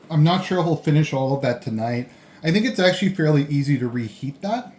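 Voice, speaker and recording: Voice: mid-range voice, a little mellow, a little hiss or hum. Rambling food vlogger in an echoey room. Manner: rambling, thinking aloud between bites. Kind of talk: casual food-tasting vlog. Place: indoors at home, eating a delivered meal. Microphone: camera on a tripod.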